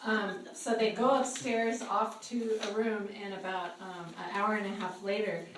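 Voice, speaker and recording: Woman, live testimony, halting with lots of ums, distant phone mic, echoey room, faint background noise. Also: medium pitch, level tone. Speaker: church ministry volunteer sharing testimony. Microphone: phone recording from across the room.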